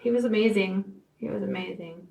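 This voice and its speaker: A woman's voice: medium pitch, a little fast, creaky, a little mellow, a little hiss or hum. A woman guest on a casual podcast chat, talking with enthusiasm and laughs. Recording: roomy echo.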